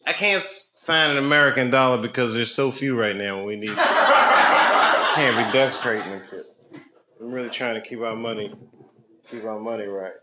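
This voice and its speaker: A man's voice: mid-range voice, normal speed, heavy background noise. A male comedian bantering casually with fans after a show, joking and laughing often. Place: crowded room after a show.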